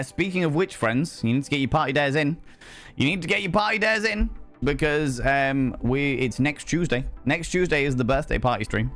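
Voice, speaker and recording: A man chatting casually on a live stream from his home setup, playful and cheeky, greeting viewers with pet names and swooping up high for mock grandeur. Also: a bit bright. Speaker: livestreamer.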